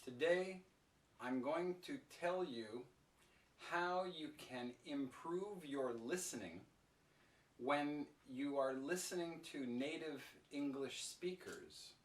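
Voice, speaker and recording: Slow-speaking man teaching English. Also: a little high, animated, echoey room, recorded from a distance. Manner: speaks slowly with careful pronunciation. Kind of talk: slow, clear English lesson.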